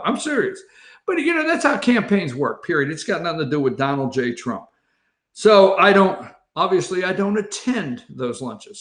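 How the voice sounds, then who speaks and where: A man hosting a political commentary monologue, sarcastic and rambling with quick asides. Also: on the high side, a bit bright, reverberant. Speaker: host.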